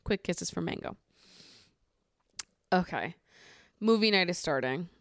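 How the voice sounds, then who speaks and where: Chatty woman podcaster, smooth and dry. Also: animated, a little slow, fairly bright tone, no room sound. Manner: chatty, swears freely, rises to exasperated high pitch when ranting. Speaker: podcast host. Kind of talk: casual reality-show recap.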